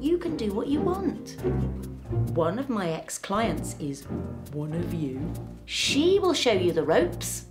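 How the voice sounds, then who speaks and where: A brash, tactless woman therapist, played by an actress in a web sitcom, speaking bluntly with sudden leaps in pitch. The room sounds echoey, and music plays clearly underneath her. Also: sing-song, slow. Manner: blunt and sing-song, with abrupt jumps in pitch. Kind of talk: sitcom acting.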